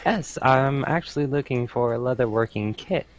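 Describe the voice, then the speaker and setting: A man's voice: medium pitch, normal speed, a little hiss or hum. Hesitant man player at a tabletop game. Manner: hesitant, restarting words.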